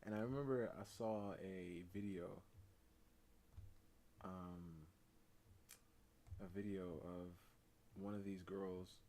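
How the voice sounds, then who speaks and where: A man streaming live, chatting casually and reacting to a video with slangy, animated talk. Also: slow pace, pauses often, a little hiss or hum. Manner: animated, slangy, swings loud and high when joking.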